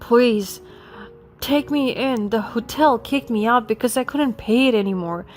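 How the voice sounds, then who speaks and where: A woman's voice: a little high, unhurried, close to an everyday voice. A woman voicing a desperate, broke grown husband who pleads for help, over faint music. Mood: pleading. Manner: begging, pleading.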